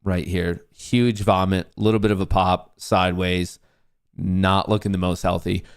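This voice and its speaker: A man's voice: deep voice, flat delivery, measured pace, smooth. A young man hosting a live trading stream, ranting profanely at comments from his chat. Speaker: livestream trading host.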